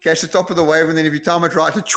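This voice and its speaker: A man, relaxed and laid-back in casual chat, using local slang. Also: fairly high pitch, racing, lo-fi sound.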